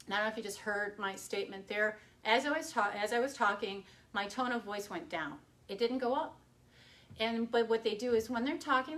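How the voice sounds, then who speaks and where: Middle-aged woman vet, somewhat high voice, live-stream chat, direct and anecdotal. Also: fairly quick, a bit bright. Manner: direct, anecdotal, occasional fillers and restarts. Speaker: veterinarian. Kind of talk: casual live-stream talk. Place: home or office, streaming live.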